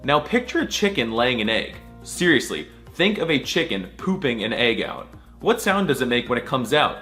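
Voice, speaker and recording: A man's voice: mid-range voice, very animated, moderate pace, fairly bright tone, faint music behind. A man giving a sarcastic, jokey mock alphabet lesson, drawing out each letter sound. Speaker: comedy video creator.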